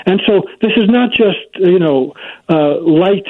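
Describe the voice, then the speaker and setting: A man's voice: sits high, lively intonation, a little slow, no room sound. Emphatic man on a phone line. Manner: emphatic, explanatory. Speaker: child psychology expert guest. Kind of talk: explaining in an interview. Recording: dry tinny phone line.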